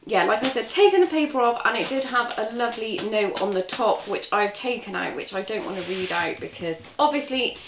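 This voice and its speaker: A woman's voice: a little high, a little fast, few pauses, noisy background. Gushing woman, roomy and far. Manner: excitable, gushing, chatty. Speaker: crochet vlogger. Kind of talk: casual unboxing chat. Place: indoor room at a table. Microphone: camera set back from her.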